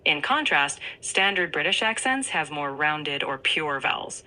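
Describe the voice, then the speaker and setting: A woman's voice: low-pitched, big pitch swings, measured pace, bright, forceful tone, poor audio. A synthetic woman's voice of an AI assistant, answering in upbeat, polished phrases.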